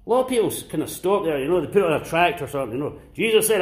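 A man preaching a sermon to a congregation, swinging between impassioned near-shouts and hushed whispers. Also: on the high side, sing-song, very fast, creaky, echoey room. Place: church.

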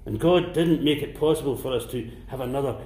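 A man preaching a sermon to a congregation, swinging between impassioned near-shouts and hushed whispers. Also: medium pitch, fairly quick, roomy sound, a little hiss or hum. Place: church.

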